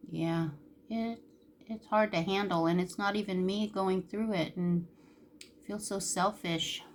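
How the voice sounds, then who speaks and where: A woman beauty vlogger does her makeup while talking candidly, her medium-pitched voice fairly even in intonation and measured in pace, with slight background noise. It's a casual tutorial chat, chatty with a Southern-style "y'all," and at times she gets emotional and close to tears.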